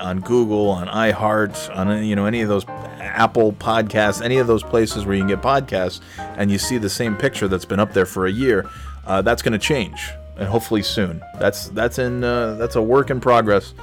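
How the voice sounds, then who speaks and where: A man hosting a comedy podcast, rambling loosely and jokingly through the sign-off. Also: lowish voice. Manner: loose, jokey, rambling with filler. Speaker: podcast host.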